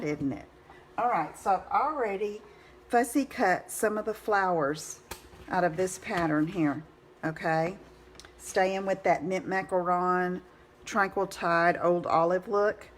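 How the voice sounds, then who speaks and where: A woman's voice: medium pitch, slight background noise. A woman giving a live card-making demonstration, chatty and encouraging, greeting viewers by name.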